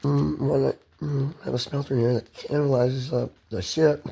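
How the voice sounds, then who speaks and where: A man's voice: medium pitch, fairly even intonation, normal speed, gravelly, warm tone, husky. Man, ordinary mid-range voice, rambling profane solo monologue. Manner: loose, profane, stream-of-consciousness musing. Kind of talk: rambling self-recorded monologue.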